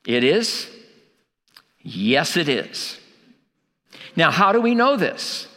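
Preaching man with a lively voice. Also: fairly high pitch, slow, in a large hall. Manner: emphatic, asks rhetorical questions and repeats key lines. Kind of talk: sermon.

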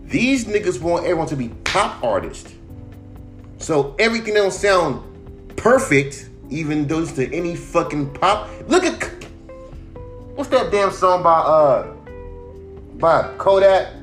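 Dude ranting on his podcast, cussing a lot, kinda high voice, soft guitar in back. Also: animated, unhurried, pauses often. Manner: profane, emphatic, riffing. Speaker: podcast host. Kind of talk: casual podcast rant.

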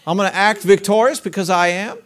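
High-voiced male preacher. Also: brisk. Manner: conversational preaching with rhetorical questions and call-and-response. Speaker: pastor. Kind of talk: sermon.

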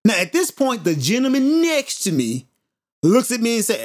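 A man hosting a podcast, telling a story in an animated, emphatic monologue and repeating points for effect. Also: very high-pitched, moderate pace. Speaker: podcast host.

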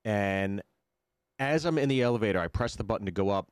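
A man in his thirties co-hosting a podcast, telling stories in a relaxed, teasing way. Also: lowish voice, brisk, clean tone, no room sound, studio quality. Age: 30s. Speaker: podcast co-host. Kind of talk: casual chat.

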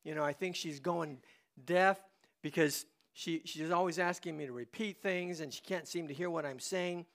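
A preacher voicing a fretful husband. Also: male voice, fairly high pitch, normal speed, a bit bright. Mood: worried. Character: worried middle-aged husband talking to his doctor.

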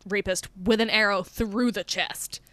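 A woman's voice: mid-range voice, steady tone, unhurried, fairly bright tone, no echo. Woman podcast co-host, dry close sound. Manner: chatty, many fillers, swears casually. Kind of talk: casual chat about a film.

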